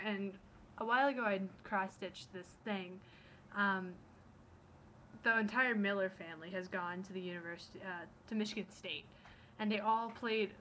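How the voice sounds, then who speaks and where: A young woman rambles through a casual vlog in an excited, gushing way. Her voice sits at an ordinary middle pitch and now and then sinks into hushed, breathy asides. A faint hiss runs underneath. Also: rough recording. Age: young adult. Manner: excitable, rambling, gushing storyteller who acts out quotes. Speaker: vlogger. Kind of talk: casual chat.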